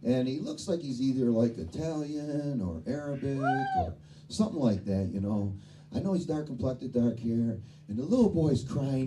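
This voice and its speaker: A man's voice: medium pitch, animated, moderate pace. Middle-aged man doing profane stand-up, distant. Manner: profane, laughing at his own jokes. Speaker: stand-up comedian. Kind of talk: stand-up comedy set. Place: tavern showroom before a live crowd. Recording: distant and noisy live bar recording.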